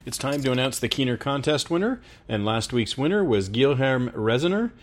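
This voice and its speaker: A man's voice: mid-range voice, expressive, normal speed, loud music behind the voice. A man hosting a medical podcast, talking in an upbeat, jokey way. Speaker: podcast host. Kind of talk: casual podcast chat.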